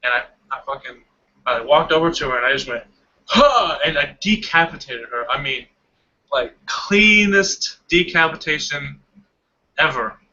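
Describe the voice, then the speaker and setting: A young man chats casually with a very bright, slightly raised voice, telling a story with animated energy. The audio is dull and lo-fi, as on an online call. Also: on the high side, moderate pace. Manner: animated storytelling, laughs often. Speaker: hangout participant. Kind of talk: casual chat.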